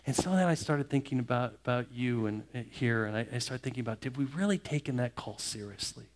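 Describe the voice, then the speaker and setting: A man in his fifties, a pastor, preaching a sermon in a personal, heartfelt way, telling family stories with pauses and restarts. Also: mid-range voice, animated.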